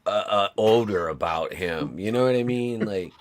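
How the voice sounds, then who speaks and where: A man's voice: on the low side, moderate pace. A man on a casual online panel, rambling and stammering as he jokes along. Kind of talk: casual panel chat on a livestream.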